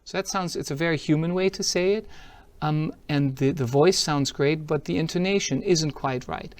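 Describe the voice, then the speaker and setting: A man's voice: on the high side, normal speed. A man giving a product demo talk at a tech conference. He is upbeat and explains each step as he shows it. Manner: upbeat, explanatory, walks through steps as he shows them.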